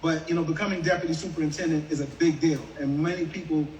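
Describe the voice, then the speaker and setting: A man hosting a group call who speaks in a warm, conversational way full of fillers. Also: fairly high pitch, steady tone, fast, echoey room, in a large hall, recorded from a distance, slight background noise, low-quality recording. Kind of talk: casual supportive chat.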